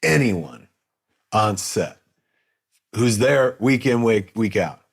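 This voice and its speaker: A man's voice: on the low side, lively intonation, slow pace, husky. A middle-aged man, a podcast guest, telling rambling, profane anecdotes in casual chat.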